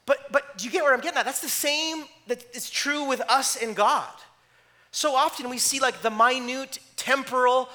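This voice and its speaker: A male pastor in his thirties preaches with a notably high, ringing voice. His delivery is chatty and anecdotal, full of casual filler words. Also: moderate pace, pushed and bright. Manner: conversational storytelling with many filler words. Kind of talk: sermon.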